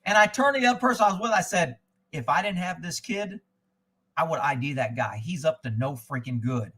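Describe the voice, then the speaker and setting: A man hosting a live chat stream, spinning long, digressive anecdotes in a blunt, profane way. His voice sits high and bright with a sharp edge. He speaks casually, as if chatting to regulars. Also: fairly quick, breathy edge, poor audio. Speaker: former child abduction investigator. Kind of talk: casual rambling storytelling.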